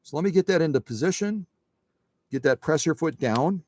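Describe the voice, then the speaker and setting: A man's voice: fairly high pitch, lively intonation, a little fast, darkish tone, no room sound. A man hosting a live sewing machine demonstration, chatting with viewers in a folksy, instructive way.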